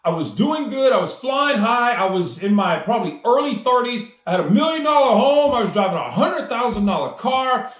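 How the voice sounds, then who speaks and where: A man's voice: very high voice, big pitch swings, moderate pace, roomy sound. A man telling a personal story with enthusiasm, acting out the dialogue as he goes. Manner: enthusiastic, acts out quoted dialogue. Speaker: storyteller and speaker.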